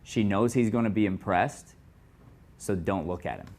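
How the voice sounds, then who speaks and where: A man coaching actors in an acting studio, giving quick direct notes between takes. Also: fairly low pitch, darkish tone. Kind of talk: live coaching in an acting class.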